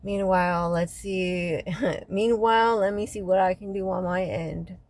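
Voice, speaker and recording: Woman, crying, slightly low voice, profane agitated rant, often quiet and heavy. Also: steady tone, unhurried, poor audio. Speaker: local resident venting after a city meeting. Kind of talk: emotional personal vlog rant.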